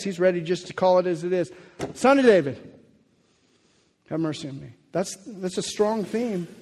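A man preaching a sermon as a pastor, animated and acting out the voices of the people in his story. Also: sits high, a little hiss or hum. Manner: animated, acts out quoted voices. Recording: long reverb of a hall.

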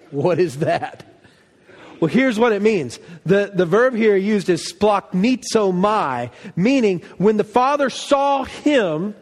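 A man preaching a sermon, telling a story with animated delivery and acting out quoted lines. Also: high-pitched, unhurried, in a large hall. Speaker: pastor.

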